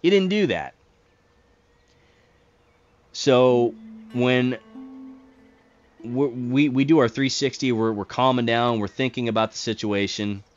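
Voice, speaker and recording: A man hosting a gaming video, telling a long personal story in a casual, rambling way, repeating words, swearing when excited and acting out the radio calls. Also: mid-range voice, slow pace, long pauses, lo-fi sound, faint music behind. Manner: acts out radio calls in quoted voices, gets heated. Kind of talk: casual storytelling over gameplay.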